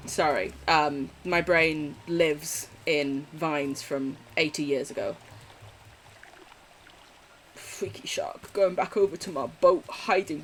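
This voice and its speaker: A woman's voice: on the low side, very animated, a little slow, fairly bright tone, a little hiss or hum. A young woman streaming a game, chatting casually and rambling, swearing freely with sudden squeals. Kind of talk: casual chat while gaming on stream.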